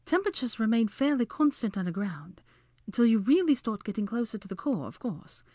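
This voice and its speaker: A woman's voice: on the high side, sing-song, warm tone, dry recording, clean studio sound, voice pushed up. Woman doing a fretful know-it-all young witch. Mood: lecturing. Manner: quick to lecture, fretful. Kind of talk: audiobook character voice.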